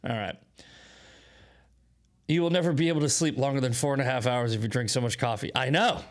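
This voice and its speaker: A man's voice: mid-range voice, brisk. A man hosting a casual daily news livestream, rambling and self-mocking with lots of restarts, short on sleep and drinking coffee. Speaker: host of daily news commentary show.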